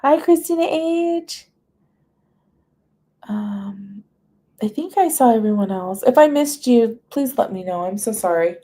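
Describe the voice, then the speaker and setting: Chatty woman on a livestream, warm mellow voice, reading stuff off a menu and saying hi to folks. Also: on the high side, animated, a little slow, pauses often. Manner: chatty, reads menu items aloud in lists; greets viewers by name. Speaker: livestream host. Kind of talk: casual live chat with viewers.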